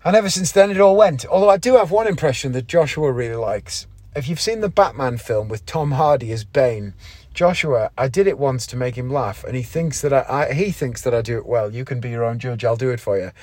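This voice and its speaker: A man's voice: medium pitch, a little fast, darkish tone, no room sound. Chatty man rambling on a podcast. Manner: rambling and chatty, with frequent ums and asides. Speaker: podcast host and variety magician. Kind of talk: casual podcast monologue.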